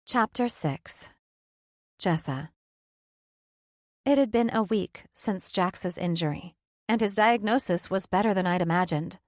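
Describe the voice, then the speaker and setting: A woman reads a first-person audiobook with steady, earnest delivery at a middle pitch. The recording is close and completely dry, with no room sound. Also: a little slow, long pauses, dry recording. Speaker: audiobook narrator.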